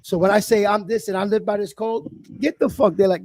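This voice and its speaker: A middle-aged man, talking fast and loose in casual chat, swearing freely and acting out stories. His voice sits high and gravelly. The sound is dry and close. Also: no echo. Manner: blunt, profane, animated storytelling. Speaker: livestream host.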